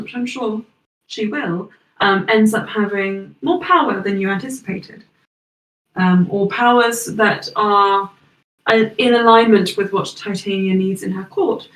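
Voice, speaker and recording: A woman's voice: medium pitch, fairly bright tone, natural voice. A woman voicing a doting fey grandmother who gushes and calls everyone darling. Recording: roomy, distant mic.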